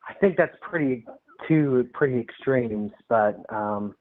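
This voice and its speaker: A man calling in to a political debate, hesitant and halting, often restarting his sentences. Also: medium pitch. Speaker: guest in political conversation. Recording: tinny phone line.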